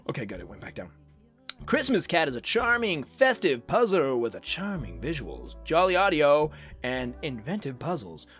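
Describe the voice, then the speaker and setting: Excitable and goofy, this man hosts a gaming channel, filling his let's-play commentary with silly noises and exclamations in a high voice.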